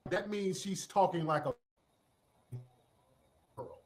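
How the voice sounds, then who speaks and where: A man's voice: sits high, lively intonation, slow. A man giving blunt, profane commentary on a live-streamed panel talk, lecturing in a casual way. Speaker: panel speaker.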